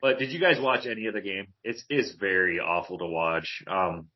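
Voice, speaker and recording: A man's voice: low-pitched, moderate pace. A man co-hosting a casual sports podcast, teasing his friends in a playfully combative way. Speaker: podcast co-host. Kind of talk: casual chat. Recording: dull lo-fi podcast audio.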